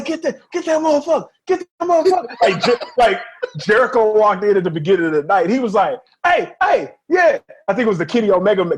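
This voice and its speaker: A man's voice: high voice, slightly rough. A man co-hosting a wrestling podcast in casual chat, telling stories animatedly and acting out quotes. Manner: animated storyteller, acts out quotes, laughs often. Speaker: podcast co-host.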